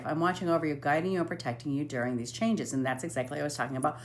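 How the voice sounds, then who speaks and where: A woman's voice: low voice, rapid-fire, few pauses. A woman hosting a live stream as a psychic medium, reading cards aloud in casual chat, swearing now and then and humming while she scrolls.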